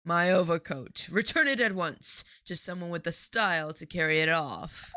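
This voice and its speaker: A woman doing a refined, haughty gentleman. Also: on the low side, noisy background, close to an everyday voice. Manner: put-on refined accent, slow and dignified. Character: refined, stylish gentleman with a suspicious name. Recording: game music behind the voice.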